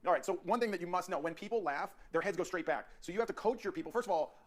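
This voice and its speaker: Rapid-fire male photography coach. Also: high voice. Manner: rapid, energetic coaching with frequent restarts and repeats. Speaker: portrait photographer teaching posing. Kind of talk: hands-on photography tutorial, directing a subject. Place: photo studio.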